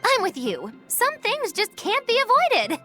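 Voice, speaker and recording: A woman's voice: very high voice, huge pitch swings, measured pace, pushed and bright, soft background music, exaggerated voice. A woman voicing a playful, scheming young witch in a video game. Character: eccentric, mischievous young witch.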